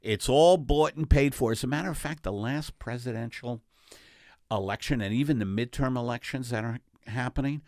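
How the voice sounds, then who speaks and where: A man hosting a comedy podcast in casual chat, animated, jumping from loud exclamations to low mutters. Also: moderate pace, no echo, studio quality. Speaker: podcast host.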